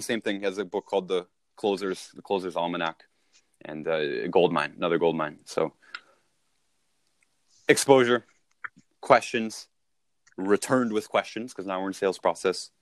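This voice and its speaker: A man's voice: deep voice, no echo. A man coaching salespeople in a casual conversation, punchy and emphatic, often checking in with "right?".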